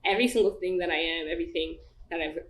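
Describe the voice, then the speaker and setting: A woman's voice: lowish voice, racing. A woman co-hosting a podcast, speaking earnestly and emotionally about hard experiences in a heartfelt conversation. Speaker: podcast co-host. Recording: echoey room with faint background noise.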